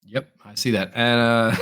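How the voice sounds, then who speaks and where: A man's voice: mid-range voice, slow, fairly bright tone. A young man co-hosting a podcast in casual chat, a rambling storyteller talking through a stuffed-up nose. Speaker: podcast co-host.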